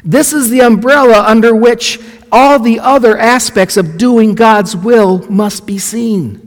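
A man's voice: high-pitched, a little slow. A male pastor delivering a sermon, asking the congregation questions and telling stories with quoted lines. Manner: asks the congregation questions, lively storytelling with acted quotes. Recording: long hall reverb.

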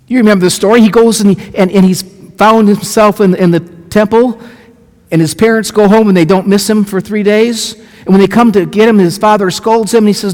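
A man's voice: high-pitched, normal speed. A male pastor delivering a sermon, asking the congregation questions and telling stories with quoted lines. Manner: asks the congregation questions, lively storytelling with acted quotes. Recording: long hall reverb.

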